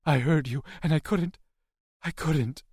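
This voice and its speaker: A terrified little girl pleads and cries out in a high, strained voice, as a male narrator puts her on. She sounds desperate throughout this audiobook scene. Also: unhurried, darkish tone, husky, no echo, clean studio sound. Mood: pleading. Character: frightened little girl with strange powers.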